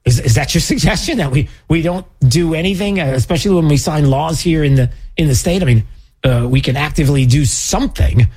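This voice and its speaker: Chatty sarcastic talk radio host. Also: male voice, a little high, brisk, a little mellow, slightly rough. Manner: chatty, sarcastic, many fillers, mocking quoted voices. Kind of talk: casual opinion talk radio.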